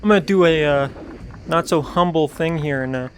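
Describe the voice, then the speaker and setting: A young man from Canada chats loosely through a game stream, drifting between remarks to his viewers and half-muttered asides. His voice sits notably high for a man. It is picked up on a headset mic with faint background noise. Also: moderate pace. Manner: rambling, talks to himself and chat, mutters under his breath. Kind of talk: casual gameplay commentary.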